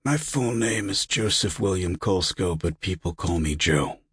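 Raspy young patient, tense and demanding, slow and dry, read by a male narrator. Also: deep voice, a bit bright, dry recording, heavily acted. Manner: demanding, frightened. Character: confused young man, a graduate student, waking up.

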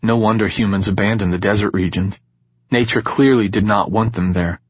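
A man narrating an audiobook in a calm, measured reading style. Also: lowish voice, husky, dull audio. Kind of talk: scripted narration.

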